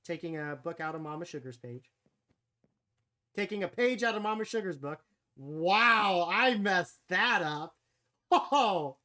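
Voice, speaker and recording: A woman live-streaming a game, chatting casually with frequent laughs and quick exclamations. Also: lowish voice, lively intonation, sharp tone. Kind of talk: casual live-stream chat over gameplay.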